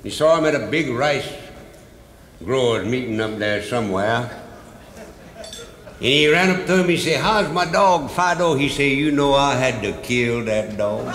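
A man's voice: mid-range voice, moderate pace, pauses often, fairly bright tone, echoey room, big-room sound. A man telling a comic story live, in a folksy dialect and drawing out his punchlines. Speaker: humorist storyteller.

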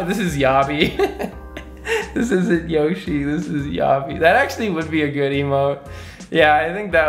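A male streamer chatting loosely over his gameplay, excitable and giggly as he works things out aloud. His voice sits a little high for a man. The room sounds roomy, with faint music playing underneath. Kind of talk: casual gameplay commentary.

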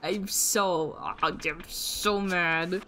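Low-voiced, exasperated woman streamer. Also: fairly even intonation, extremely slow, sharp tone, a little hiss or hum. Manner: exasperated, profane ranting at the game; talks to her chat audience. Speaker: streamer playing a video game. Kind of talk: casual live-stream commentary.

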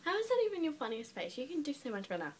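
A woman's voice: high voice, wildly swooping pitch, rapid-fire, slight background noise. An Australian woman hosting a casual vlog chat with her brother, teasing and giggly in a blunt way. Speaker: vlogger host.

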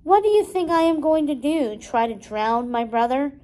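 Woman reading a villainous lion uncle, drawling, mocking, smooth, storybook read-aloud, fairly high voice. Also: lively intonation, moderate pace, mellow. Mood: sly.

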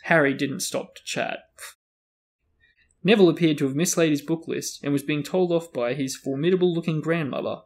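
Gravelly man reading a novel aloud. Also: fairly high pitch, moderate pace. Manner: reads dialogue with lively character voices. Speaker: book discussion host reading aloud.

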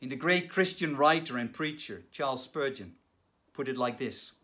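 A male pastor delivering a sermon, earnest and measured, who pauses, restarts now and then and lifts his voice for dramatic quoted cries. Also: medium pitch, lively intonation, pushed and bright. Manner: dramatic retelling with rising, urgent quoted cries.

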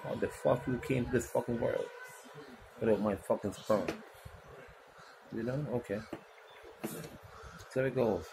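A man's voice: mid-range voice, unhurried, creaky, pauses often. A man delivering a profane, rambling monologue about his life. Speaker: musician telling his story. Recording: loud background noise.

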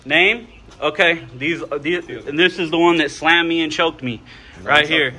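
A man filming a heated encounter on a handheld phone, loud and insistent, repeating his demands. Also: a little high, measured pace, breathy edge. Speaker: video channel host, auditor. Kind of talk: confrontational on-camera filming.

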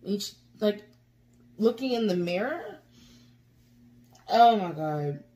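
A woman's voice: medium pitch, sing-song, takes it slowly, dark tone. A young woman hosting a casual reaction vlog, chatty and heartfelt, with lots of fillers. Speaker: YouTube reaction host.

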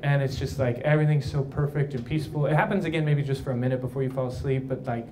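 A man's voice: mid-range voice, steady tone, fast talker, dark tone, slight background noise. A man, a priest, giving a casual, playful talk to a live crowd of young adults at a brewery, often checking in with the audience by asking "right?".

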